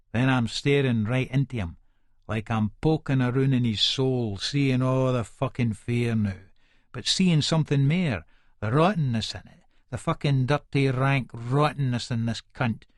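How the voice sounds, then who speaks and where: A man's voice: mid-range voice, no echo, clean studio sound, close to an everyday voice. A man with a Scottish accent playing a violent, menacing middle-aged hard man, narrating an audiobook in the first person with coarse, swearing speech.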